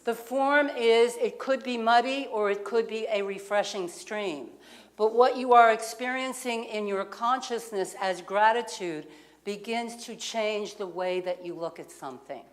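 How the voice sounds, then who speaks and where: A woman's voice: fairly high pitch, measured pace. A woman minister gives a sermon, telling a personal story in a conversational way and asking the congregation questions. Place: community center lounge.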